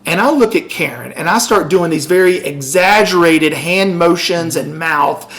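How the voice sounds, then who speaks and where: A man's voice: on the high side, normal speed, fairly bright tone. A middle-aged man co-hosting a podcast, telling a story in casual chat and animatedly acting out the voices of the people in it. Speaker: podcast co-host.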